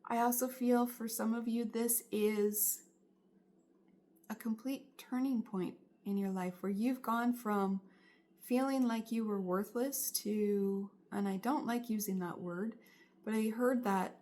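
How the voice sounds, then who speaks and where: A woman's voice: a little high, steady tone, slow, darkish tone. A woman giving a spiritual tarot reading, speaking in an earnest, encouraging and emphatic way. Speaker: tarot reader.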